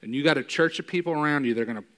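A man's voice: a little high, very fast. Emotional, conversational male preacher. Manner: emotional, builds to loud emphatic peaks; casual, conversational with fillers like "right?". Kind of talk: sermon.

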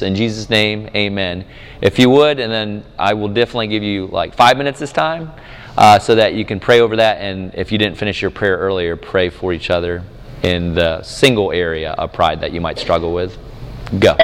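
A man, preaching at a conference, telling a family story with lively acted voices. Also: lowish voice, normal speed, clear, resonant tone. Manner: animated storyteller, acts out his small daughter's voice. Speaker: conference speaker and campus minister. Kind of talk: sermon with storytelling. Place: conference hall. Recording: echoey hall with long reverb.

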